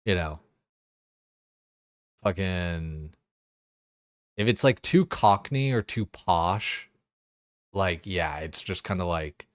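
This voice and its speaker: A young man with a deep, low voice chats casually while he plays a game. His talk rambles, packed with fillers and swearing. The recording is close and dry. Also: takes it slowly, long pauses, no room sound. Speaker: game streamer. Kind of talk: casual chat while gaming.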